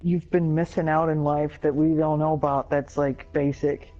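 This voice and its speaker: A woman's voice: deep voice, level tone, normal speed, mellow, muffled recording, faint music behind. A woman co-hosting a casual podcast chat, teasing and incredulous, rattling off long lists.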